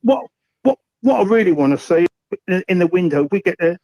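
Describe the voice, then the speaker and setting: A caller on the phone, rambling and hesitant as he talks football. His voice sits a bit high, and the sound is very dry and close. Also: animated, brisk, no echo, muffled recording. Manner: rambling, hesitant, full of ums.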